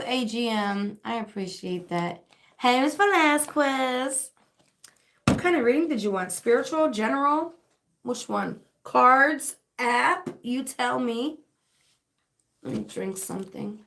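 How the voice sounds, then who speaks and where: A woman's voice: fairly high pitch, animated, takes it slowly, fairly bright tone, a little hiss or hum. A woman with a sore, dry throat, hosting a casual livestream as a spiritual reader and shop owner, chatting in a rambling way with lots of fillers and laughs.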